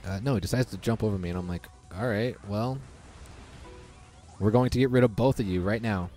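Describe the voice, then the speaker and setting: A young man giving casual, excitable commentary over his own gameplay, reacting loudly to lucky and unlucky rolls. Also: fairly low pitch, a little fast. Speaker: gaming commentator. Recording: faint background music.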